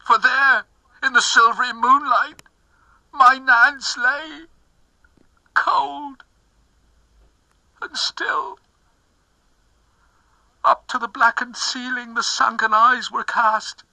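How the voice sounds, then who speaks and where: A man's voice: very high-pitched, slow, vocal fry, long pauses, pushed and bright, no echo, low-quality recording. A man giving a dramatic poetry recitation, impassioned, dropping to whispers and rising to anguished cries. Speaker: poetry reader.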